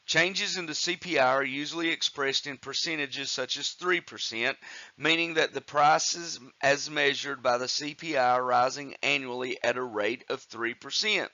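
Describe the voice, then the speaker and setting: A man's voice: mid-range voice, moderate pace, bright, forceful tone, no room sound, lo-fi sound. A man teaching economics in a recorded lecture, explaining step by step with frequent fillers and restarts. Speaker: economics instructor.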